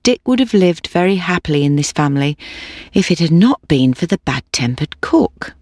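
A woman reading a children's fairy tale aloud in a clear, steady storybook manner. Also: deep voice, normal speed, dry recording, studio quality.

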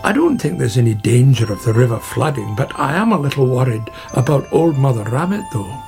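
Grumbly storybook badger, a man voicing him, gravelly, music playing. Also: mid-range voice, big pitch swings, a little fast, darkish tone. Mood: grumbling. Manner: grumbling, muttering. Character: male badger, gruff and sensible.

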